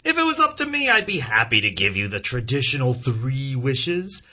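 A man's voice: medium pitch, big pitch swings, moderate pace, pushed and bright, dull audio, exaggerated voice. A man voicing a smug, bureaucratic male genie who feigns sympathy and speaks with mock-apologetic swoops.

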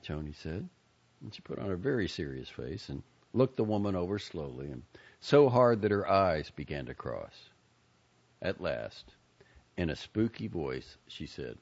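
A man narrating a story in an expressive, character-driven way. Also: sits low, a little slow, dull audio. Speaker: audiobook narrator.

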